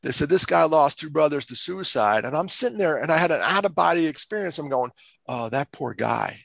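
A man telling stories on a podcast as guest, animated and acting out quotes in other voices. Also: on the high side, quick pace, creaky, no room sound. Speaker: guest speaker. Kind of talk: casual storytelling.

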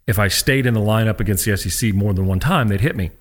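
A man talks quickly, his voice sitting a little low. He tells stories in a casual interview, slipping into the voices of the people he quotes. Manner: animated storyteller who acts out quotes. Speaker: guest, former college pitcher. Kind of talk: casual storytelling.

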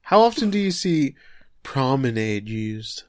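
A man's voice: mid-range voice, sing-song, measured pace, dry recording, clean studio sound. A man co-hosting a podcast, chatting casually and joking as he recaps an anime episode, with lots of fillers. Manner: joking, chatty, thinks aloud with many fillers. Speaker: podcast co-host.

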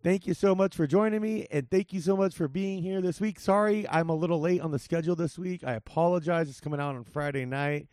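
A man hosts a casual podcast in a somewhat high voice. His talk is loose and rambling, full of "uh" and "like". The sound is dry and close to the mic. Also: a little fast, few pauses, darkish tone, no echo. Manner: loose, rambling, lots of fillers and laughs. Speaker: podcast host.

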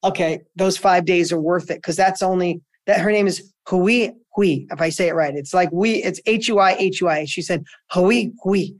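A middle-aged man, a guest entrepreneur, telling a story in a conversational interview, energetic and full of restarts and repeats. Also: sits high, fairly quick, few pauses.

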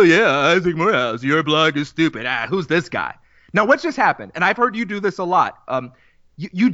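A man's voice: a little high, a bit bright, no echo. Man explaining ideas on a dry lo-fi podcast. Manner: explanatory, measured, talks through ideas step by step. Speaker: podcast co-host. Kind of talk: casual podcast discussion. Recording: dry, dull lo-fi podcast audio.

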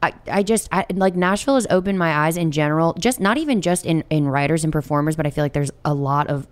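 A woman's voice: sits low, fast. A woman hosting a casual podcast interview, curious and joking as she asks follow-up questions.

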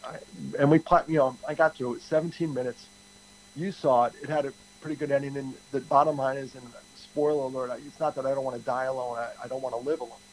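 A man's voice: medium pitch, steady tone, fast, a little hiss or hum, rough recording. A man in his fifties answering interview questions candidly, rambling and restarting his sentences often. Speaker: guest, TED speaker.

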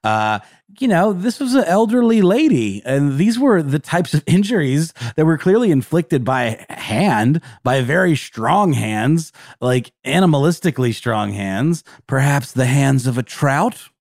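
Playful male co-host, lively and a bit high, dry mic. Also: measured pace, no room sound. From Southern US. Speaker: podcast co-host. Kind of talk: casual chat.

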